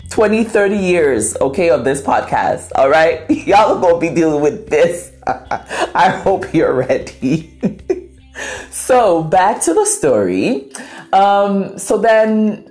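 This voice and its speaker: Faint music plays behind a woman with a mid-range voice who takes her time. She's a Ghanaian podcast host, a native Twi speaker, telling a story in a casual, playful, dramatic and animated way, acting out the voices in it.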